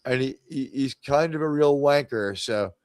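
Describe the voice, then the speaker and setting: A man's voice: mid-range voice, moderate pace, a little mellow, clear, resonant tone, dry recording. A man hosting a casual livestream chat, rambling with lots of fillers and restarts. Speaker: podcast host.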